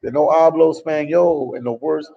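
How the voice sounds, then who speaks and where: Sitting in a café in El Salvador, the Memphis-born livestreamer reads viewer comments and answers them in a loose, talkative way. He sounds a little high and slightly rough, with vocal fry, a steady tone and normal speed, though the recording is muffled.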